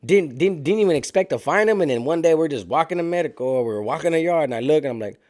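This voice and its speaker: A man's voice: fairly high pitch, expressive, fast talker, darkish tone. A man casually telling a story in street slang, animating it by acting out what other people said. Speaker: storyteller recounting prison life.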